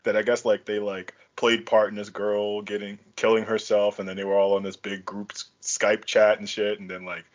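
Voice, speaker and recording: Podcast host, man, slangy and profane, lower voice, dull lo-fi call sound. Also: moderate pace, hardly any pauses. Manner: profane, slangy, animated storytelling. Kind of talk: casual chat.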